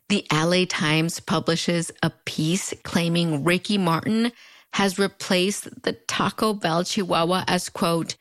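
A woman's voice: no room sound, clean studio sound. A woman in her thirties with a fronterizo border accent, narrating a video essay in a wry, conversational way. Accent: fronterizo (US–Mexico border). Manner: wry, conversational, with big playful pitch swings. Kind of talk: scripted narration. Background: background music.

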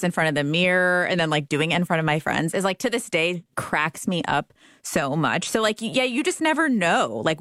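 A woman hosting an interview, relaxed and chatty, with many fillers and easy laughter. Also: sits low, no echo, studio quality. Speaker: interview host. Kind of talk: conversational interview.

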